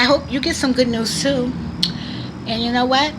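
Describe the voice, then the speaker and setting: A woman's voice: sits high, steady tone, normal speed, long pauses, noisy background. A woman vlogger earnestly sharing a religious testimony in casual, preachy talk, repeating phrases for emphasis. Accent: Boston area.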